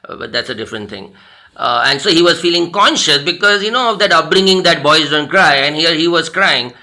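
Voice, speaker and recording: Bright-voiced Indian male trainer. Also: on the high side, lively intonation, fairly quick. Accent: Indian English. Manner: earnest, repeats phrases for emphasis. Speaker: personality development trainer. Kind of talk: motivational storytelling talk.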